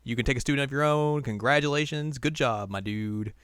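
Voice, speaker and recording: A man's voice: medium pitch, brisk, a bit bright, clear, resonant tone, no room sound, studio quality, voice pushed up, close to an everyday voice. A man voicing a laid-back sword mentor who hands out congratulations in a flippant, unimpressed way. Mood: offhand.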